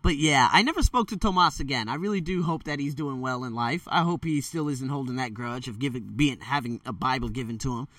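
Bright, rambling man telling stories. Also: mid-range voice, brisk, few pauses, no echo, recorded from a distance. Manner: rambling, loose and candid, full of fillers and self-corrections; animated, jumps into quoted voices. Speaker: storyteller vlogger. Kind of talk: casual spoken storytelling. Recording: dry sound, set back from the mic.

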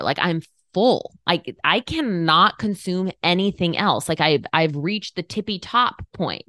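Candid woman podcaster, 30s, lowish voice, dry close sound, chatty and encouraging. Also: a bit bright, no echo. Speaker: podcast host. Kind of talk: casual motivational monologue.

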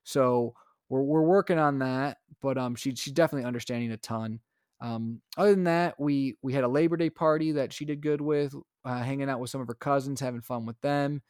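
A young adult man, a podcast co-host and father, telling a story in casual chat and acting out his own lines with animated energy. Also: medium pitch, fairly quick, clear, resonant tone, no echo, studio quality.

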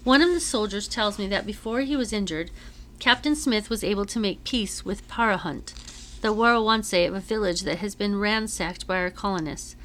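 A woman teacher reading a novel aloud to her class in a measured storytelling voice with dramatic emphasis. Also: mid-range voice, fairly bright tone.

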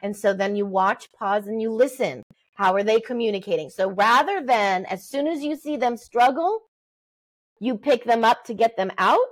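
Animated woman explaining baby talk. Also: on the high side, moderate pace. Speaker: guest, early development expert. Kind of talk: conversational advice, podcast interview.

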